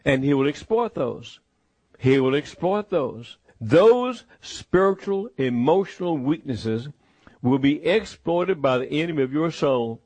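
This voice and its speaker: Male preacher, slightly high voice, slow, emphatic delivery, dry sound. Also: expressive, a little mellow, dry recording. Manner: emphatic, repetitive preaching with deliberate pauses. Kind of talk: sermon.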